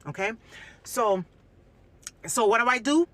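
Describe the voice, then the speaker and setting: A woman's voice: fairly high pitch, unhurried, fairly bright tone. A woman venting bluntly and heatedly to her audience, cursing, repeating herself and mimicking what others said. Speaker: vlogger. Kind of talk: heated personal vent to camera.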